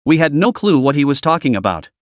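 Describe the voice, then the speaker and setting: A man's voice: fairly high pitch, big pitch swings, quick pace, no room sound, studio quality. A man voicing a cold, stubborn young woman student who answers curtly and defiantly. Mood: evasive.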